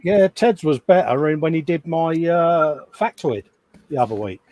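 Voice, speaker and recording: A man's voice: fairly high pitch, animated, normal speed, a little mellow. A man with a Cockney accent co-hosting a casual live stream, teasing and trading banter. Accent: London Cockney. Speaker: co-host.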